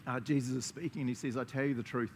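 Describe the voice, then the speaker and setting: A man with a New Zealand accent preaching a lively sermon to a congregation, laughing often and acting out the voices he quotes. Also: medium pitch, fast, slight background noise.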